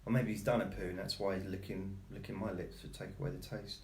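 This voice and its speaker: A man's voice: low voice, little pitch movement, fast, echoey room, slight background noise. A man rambling casually to his viewers and his cat on a live stream from home. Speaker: vlogger.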